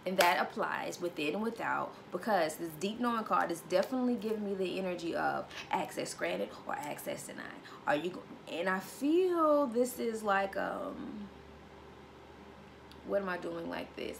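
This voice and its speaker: Woman tarot reader with a lowish voice, sassy and emphatic, calls you honey; noisy recording. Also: animated, unhurried, gravelly. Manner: repeats key phrases for emphasis. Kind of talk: casual spiritual reading.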